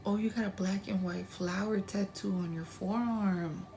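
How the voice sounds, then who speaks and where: A woman's voice: mid-range voice, fairly even intonation, normal speed, mellow, a little hiss or hum. A woman doing a casual tarot reading, chatty and blunt, sometimes dropping to a whisper and swearing freely. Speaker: tarot reader.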